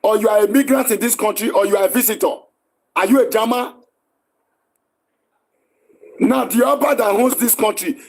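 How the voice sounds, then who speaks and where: A Nigerian man hosting a live stream, scolding and arguing in a heated, repetitive way. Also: sits high.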